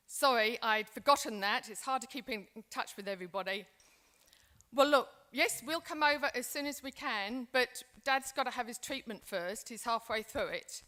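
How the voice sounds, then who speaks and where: A woman's voice: high-pitched, sharp tone. A woman playing an aging migrant mother and grandmother who chats affectionately on the phone with her family overseas. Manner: chatty, affectionate, talking on the phone. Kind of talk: acted role-play in a seminar.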